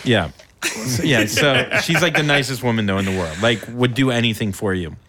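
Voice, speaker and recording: A man's voice: medium pitch, moderate pace, bright, forceful tone. A man hosting a podcast, telling a funny story about himself in a casual, self-mocking way and laughing a lot. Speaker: podcast host.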